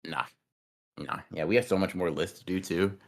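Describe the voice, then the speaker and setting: A man's voice: sits low, steady tone, normal speed. Rambling, swearing man on a podcast. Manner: rambling, profane, repeats words. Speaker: podcast co-host. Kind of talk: casual livestream chat.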